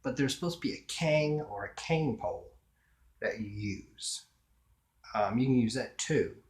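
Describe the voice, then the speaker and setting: Talking to camera in a relaxed solo vlog, this man wanders from thought to thought, drawing words out slowly and chuckling. His medium-pitched voice sounds animated, and there's echo in the room.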